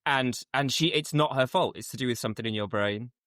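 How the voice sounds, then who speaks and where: A man co-hosting a podcast, making wry, quick asides in casual chat. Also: medium pitch, fairly bright tone, no echo, clean studio sound. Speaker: podcast co-host.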